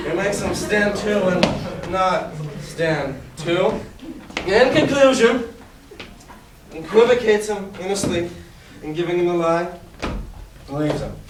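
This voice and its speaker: Teen boy as slow, swooping drunken porter, school play, distant and noisy. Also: high-pitched, expressive. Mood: joking. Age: teens. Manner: halting, with stumbles and chuckles. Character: drunken comic porter, rambling. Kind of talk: student stage performance. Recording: echoey room, distant mic, noisy.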